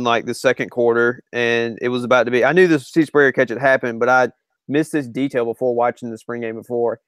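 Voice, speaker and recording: A man co-hosting a sports podcast in loose, rambling chat, often stopping to correct himself. His voice is smooth and clear. The recording is dry and close. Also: medium pitch, fairly bright tone, no echo. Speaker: podcast co-host and writer.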